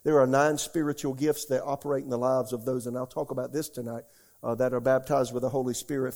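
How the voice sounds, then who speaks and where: A man's voice: mid-range voice, little pitch movement, fast, gravelly, darkish tone. An older man preaching a sermon as pastor, folksy and emotional, tearful at times, often repeating himself.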